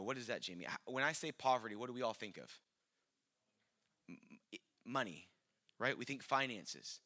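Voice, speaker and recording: Guy preaching, really bright ringing voice, gets fired up then talks it through plainly. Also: medium pitch. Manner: impassioned, rising to shouts then dropping to conversational teaching. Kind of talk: sermon.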